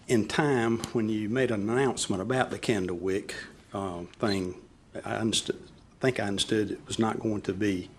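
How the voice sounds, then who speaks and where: A man with a scratchy voice giving a public comment to a county board at a podium microphone. He reads measured, prepared remarks and clears his throat now and then. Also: medium pitch. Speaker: resident addressing county board. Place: county meeting chamber.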